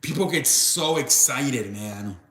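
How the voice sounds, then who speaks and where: A man's voice: mid-range voice, animated, takes it slowly, bright, forceful tone, a little hiss or hum. A young man hosting a casual live stream, rambling and restarting his sentences as he reacts to chat. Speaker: live show host. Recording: echoey room.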